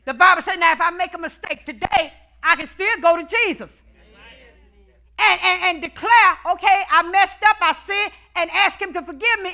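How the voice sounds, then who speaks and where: A woman preaching a fervent call-and-response sermon, repeating phrases and swinging between hushed tones and shouts. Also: extremely high pitch, normal speed.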